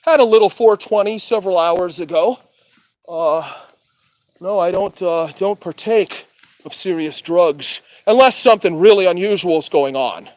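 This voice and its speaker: A man's voice: high voice, normal speed, darkish tone, dry recording. A man vlogging in a casual rant, crude and full of swearing, with laughs between remarks. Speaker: street vlogger.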